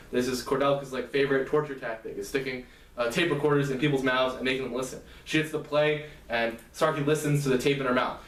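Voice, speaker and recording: A man casually retelling a novel's plot as a lecture, halting and restarting often. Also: on the high side, a bit bright. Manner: halting, many fillers and restarts. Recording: roomy, distant mic.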